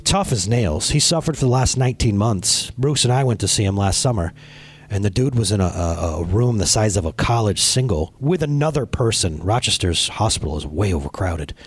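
A man's voice: lowish voice, fairly quick, slightly rough. A man in his thirties preaching a conversational sermon, telling a personal story and speaking straight to his congregation. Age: 30s. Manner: animated, storytelling, direct address to congregation. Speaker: pastor.

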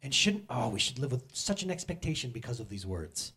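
A man's voice: medium pitch, big pitch swings, a little fast, sharp tone, breathy edge. A middle-aged man preaching a casual, conversational sermon, joking and talking straight to the congregation. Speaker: pastor.

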